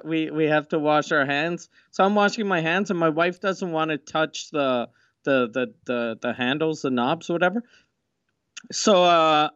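A man's voice: fairly high pitch, fairly bright tone, no room sound, highs cut off. A man co-hosting a podcast with blunt, crude wisecracks and casual stories. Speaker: podcast co-host.

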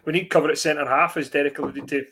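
A man hosting a casual football podcast, laughing often and talking in quick bursts. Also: fairly high pitch, steady tone, creaky, bright, forceful tone, breathy edge. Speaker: podcast host.

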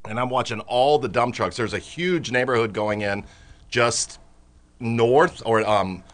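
A man in casual talk-show chat, telling a neighborhood story in a soft, hesitant way. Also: mid-range voice, measured pace.

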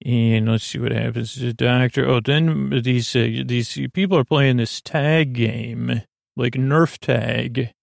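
A man hosts a podcast with a gravelly, creaky voice, rambling through an episode recap full of fillers. The recording is dry and close, with no room sound. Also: medium pitch, steady tone, takes it slowly, dry recording. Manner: rambling, filler-heavy retelling. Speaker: podcast host.

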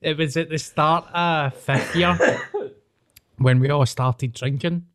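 A man's voice: a little high, slow pace, fairly bright tone, dry recording, clean studio sound. A Scottish man in casual podcast chat, sweary and sympathetic as he talks about growing up.

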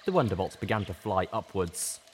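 A man narrating a first-person fan fiction story in a steady, measured way. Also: sits low, a crowd in the background. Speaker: audiobook reader.

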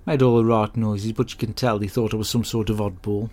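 An actor playing a hapless, crude bloke who rambles through a comic monologue in a deadpan, sweary way. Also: male voice, on the low side, a little fast, lightly acted. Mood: grumbling. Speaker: comedy podcast character host.

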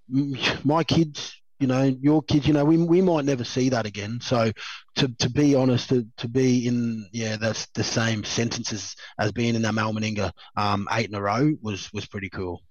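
A man's voice: mid-range voice, no echo, highs cut off. An Australian man in his thirties, a former rugby league player telling rambling stories in an interview, chatty and laughing often. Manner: rambling, chatty storyteller who laughs often, lots of "you know" and "um". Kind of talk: relaxed anecdotal interview.

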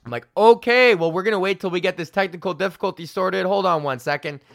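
A man's voice: high voice, fast talker, vocal fry, dry recording, studio quality. A man in his thirties, a comedian hosting his own podcast, telling a casual, swear-heavy story from his home office, often acting out the people he quotes. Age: 30s. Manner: profane, animated, quoting people in put-on voices.

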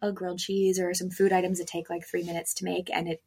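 A woman co-hosting a casual chat, telling work stories in a lively way and acting out customers, with a voice trained to project. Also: fairly low pitch, fast talker, husky. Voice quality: projecting theater voice. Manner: animated storyteller, acts out customers in voices. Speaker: podcast co-host.

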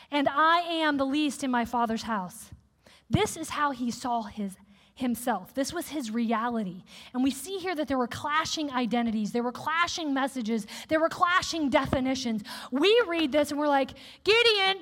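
A woman preacher giving a sermon in a candid, conversational, animated way. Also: high-pitched. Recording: echoey hall with long reverb.

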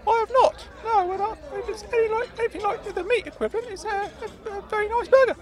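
A man voicing a fussy, nostalgic older uncle in a high, squeaky put-on voice, prim and insistent, in a comedy podcast sketch. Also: fast, crowd noise. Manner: insistent, prim and easily delighted.

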